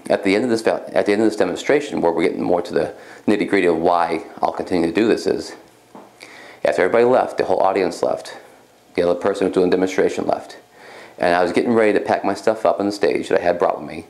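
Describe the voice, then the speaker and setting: Low, gravelly-voiced man recounting his experiences as a medium, casual and rambling. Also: quick pace, darkish tone. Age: young adult. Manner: casual, rambling, repeats himself. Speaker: psychic medium. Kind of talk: personal storytelling.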